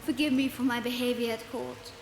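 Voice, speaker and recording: A woman's voice: on the high side, little pitch movement, fairly quick, creaky. A woman voicing a young boy emperor with a forced British accent. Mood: urgent. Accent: put-on British-sounding accent. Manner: formal, urgent, pleading. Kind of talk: video game voice acting. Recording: roomy game audio with loud music.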